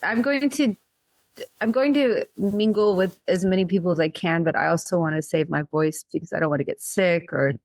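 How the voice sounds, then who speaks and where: A woman's voice: lowish voice, moderate pace, darkish tone, no echo. A woman singer as a guest in a casual interview, upbeat and agreeable. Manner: upbeat, agreeable, many yeahs.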